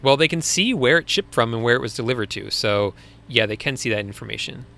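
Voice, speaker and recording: A man's voice: mid-range voice, expressive, fairly quick, gravelly, pushed and bright. A young man with a Long Island accent, hosting a casual live Q&A stream and chatting loosely with viewers. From Long Island, New York. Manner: chatty, laughs easily, restarts often. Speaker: livestream host answering viewer questions.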